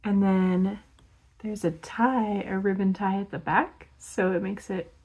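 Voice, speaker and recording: A young woman in a casual unboxing vlog, giggling often and breaking into excited gasps and soft whispers as she looks over each item. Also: medium pitch, measured pace, husky. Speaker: vlogger.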